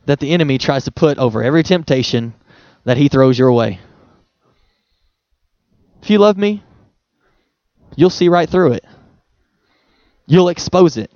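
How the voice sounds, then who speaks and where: A young man preaching a sermon to a church audience, talking conversationally with rhetorical questions and quick chuckles. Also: a little high, darkish tone, no echo, muffled recording. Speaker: pastor.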